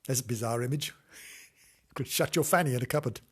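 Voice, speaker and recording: A man's voice: medium pitch, normal speed, husky. A man giving a comic reading of a children's story, breaking off for giggly, innuendo-laden asides. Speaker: reader and comic host.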